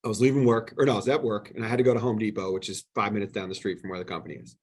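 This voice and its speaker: Husky-voiced man, podcast guest, lively storyteller who acts out what people said. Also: fairly low pitch, very fast. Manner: animated storyteller, acts out quoted exchanges. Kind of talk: casual storytelling chat.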